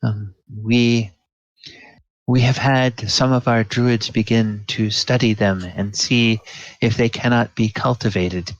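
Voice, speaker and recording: A man voicing a gracious royal woman who speaks in a formal, halting way. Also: medium pitch, steady tone, no echo. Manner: stately, halting formal speech. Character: gracious, warm royal woman named Coyote. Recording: dull lo-fi dry recording.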